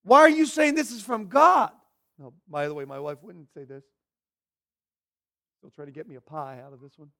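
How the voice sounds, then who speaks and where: A man with a notably high voice preaches a sermon. He poses question after question in an earnest tone and often trips over and repeats his words as he works through his point. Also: very animated, moderate pace, vocal fry, long pauses, sharp tone. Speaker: pastor.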